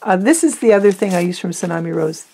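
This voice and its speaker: A woman hosting a craft video, talking softly and fondly through a flip-through while losing her voice. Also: on the low side, expressive, fast, creaky, slightly rough. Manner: soft-spoken, fond, often drops to a near whisper. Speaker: crafting channel host. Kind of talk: casual journal flip-through.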